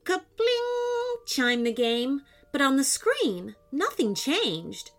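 Woman narrator for kids' stories, slow and animated, higher register. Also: faint music behind. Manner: animated, expressive reading with sound effects. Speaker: storyteller. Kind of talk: children's story narration.

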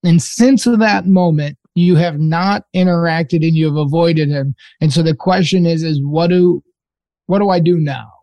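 A man's voice: a little high, moderate pace, mellow, no room sound, lo-fi sound. A man co-hosting a comedy advice podcast, wry and mock-serious as he sums up a caller's question. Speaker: podcast co-host. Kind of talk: casual comedic chat.

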